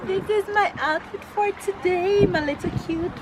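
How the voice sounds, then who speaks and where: A woman's voice: very high-pitched, moderate pace. A young woman from Jamaica chatting casually to her vlog viewers and cooing at her baby. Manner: chatty, laughs often, coos at her baby. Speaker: vlogger. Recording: roomy echo, faint background noise.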